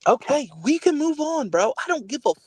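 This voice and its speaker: A man with a very high, swooping voice argues in a heated sports debate, firing off curses and talking over his co-host. He is calling in remotely, and his voice sounds close and dry. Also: sing-song, a little fast, no echo. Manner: profane, angry, talks over others. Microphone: remote call-in.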